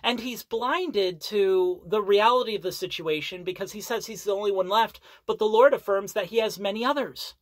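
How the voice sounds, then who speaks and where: A Bible teacher giving an earnest sermon, reading scripture aloud and explaining it with deliberate repetition. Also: mid-range voice, dry recording. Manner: earnest, deliberate, repeats key phrases for emphasis.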